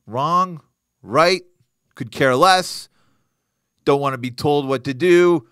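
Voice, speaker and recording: A man's voice: fairly high pitch, slow, clean tone, no room sound, clean studio sound. A man hosting a live boxing news show, chatting casually, joking and answering viewer comments. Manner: animated, joking, reacting to live chat. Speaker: host.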